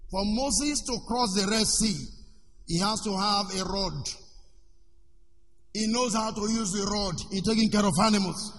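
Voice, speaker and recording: A man, a pastor preaching a sermon with sudden shouts and questions to the congregation. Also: high voice, a little slow, long reverb tail, faint music behind. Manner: preaching with shouts and call-and-response.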